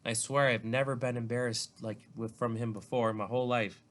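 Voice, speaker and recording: A man's voice: mid-range voice, steady tone, a little fast, fairly bright tone, lightly acted. A man reading as a tearful teen girl. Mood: upset. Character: upset teenage girl, defensive and tearful. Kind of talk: reading a novel aloud.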